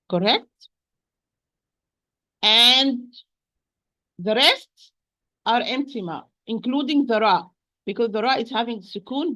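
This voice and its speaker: A woman teaching Quran recitation in an online lesson, patient and repetitive, slowing down to demonstrate each sound. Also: a little high, fairly bright tone, low-quality recording. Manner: patient, repeats corrections, slow demonstrations.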